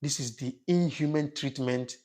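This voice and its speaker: Speaking at a moderate pace in a medium-pitched, darkish voice, an African man hosts a relaxed livestream and reads out comments from viewers. He talks emotionally, repeating himself and restarting phrases often.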